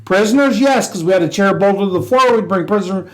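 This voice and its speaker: A man's voice: high-pitched, fast, rough recording. A man, a former police officer co-hosting a podcast, telling a story in casual chat, laughing often and acting out the quotes.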